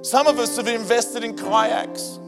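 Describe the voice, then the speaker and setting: A man preaching a sermon to a church, animated and humorous, rising to shouts at times. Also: very high voice, measured pace, vocal fry. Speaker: pastor. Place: church hall. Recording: reverberant church hall with music. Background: band music.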